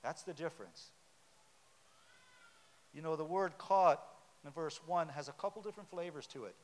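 A pastor delivers a sermon in a sanctuary at normal speed, his voice a little high. He talks conversationally and tosses questions to the congregation, heard through long hall reverb with a faint hiss.

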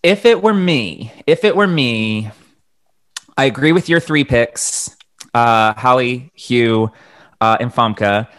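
A man co-hosting a podcast in casual chat, expressive and playfully dramatic. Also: medium pitch, slow pace, clear, resonant tone. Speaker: podcast co-host.

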